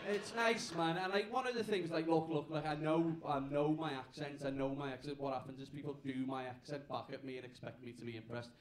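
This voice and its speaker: A man's voice: a little high, fairly even intonation, a little fast, hardly any pauses. A young man from the north of England with a Liverpool accent, doing a rambling, self-mocking stand-up set and chatting with the crowd. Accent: Liverpool (Scouse). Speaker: stand-up comedian. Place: comedy club stage with live audience. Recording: echoey club room with noisy crowd.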